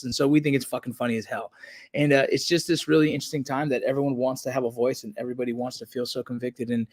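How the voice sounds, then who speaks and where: A man's voice: mid-range voice, no room sound. Earnest man in casual chat, dry sound. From United States. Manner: earnest, rambling, says "bro" and "man". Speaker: podcast guest, veteran.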